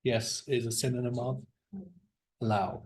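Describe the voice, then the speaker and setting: A man leads an English vocabulary class at an unhurried pace, taking his time over each word. He encourages the students and has them repeat words after him, speaking at a middling pitch. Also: fairly even intonation, a little mellow, a little hiss or hum. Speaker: English teacher.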